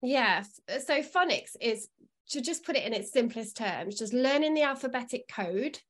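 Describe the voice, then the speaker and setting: A woman's voice: on the high side, expressive, moderate pace. A woman, an early learning expert, giving patient, reassuring explanations as a podcast guest.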